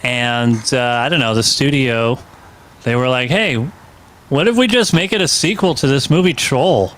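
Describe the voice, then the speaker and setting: A man's voice: medium pitch, normal speed, a bit bright. A man co-hosting a live comedy stream, chatting casually and laughing at his own jokes. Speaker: co-host.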